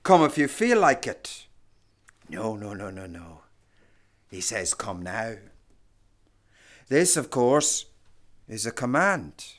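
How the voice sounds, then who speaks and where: A man preaching a sermon, slow and emphatic, swinging from hushed lines to loud ones. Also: mid-range voice, big pitch swings.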